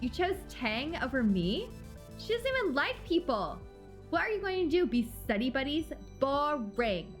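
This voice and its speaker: A woman's voice: high-pitched, big pitch swings, moderate pace, pitched above the performer's own voice. A woman voicing a jealous young girl in a game who acts too mature for her age, in a pouty, scornful tone, with faint music behind. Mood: huffy.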